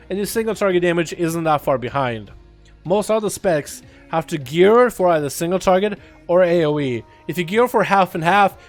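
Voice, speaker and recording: Chatty male gamer streamer, faint music. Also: high-pitched. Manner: chatty, reads and answers chat, bursts into loud excited outcries. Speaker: livestreamer playing a video game. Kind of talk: casual gaming livestream chat.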